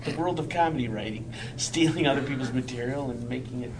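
A man's voice: mid-range voice, fast talker, crowd noise, poor audio. A man co-hosting a podcast in casual chat, joking and laughing often. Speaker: podcast co-host.

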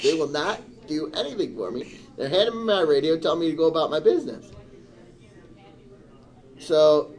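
A middle-aged man tells a story in casual chat, his voice a touch higher than most. He is animated and builds into indignant outbursts. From Michigan, USA. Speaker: storyteller on a talk show.

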